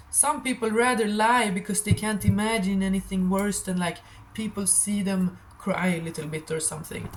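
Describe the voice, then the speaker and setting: A woman's voice: medium pitch, steady tone, normal speed, a little hiss or hum, low-quality recording. A woman giving a channeled tarot reading to her viewers, nervous and shaking, blunt and emotional, calling listeners darling. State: shaky and nervous. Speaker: tarot reader.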